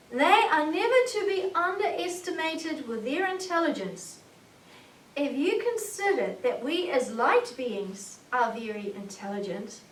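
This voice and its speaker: Lady channeling a jovial alien commander guy, slow preachy talk, roomy echo with faint hiss. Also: high voice, a bit bright, recorded from a distance, exaggerated voice. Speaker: spirit channeler. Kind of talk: channeled spiritual message.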